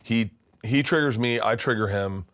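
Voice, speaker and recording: A comedian in his fifties telling stories in a rambling, animated way, full of restarts. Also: medium pitch, moderate pace. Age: 50s. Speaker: comedian guest. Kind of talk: casual storytelling. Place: his studio.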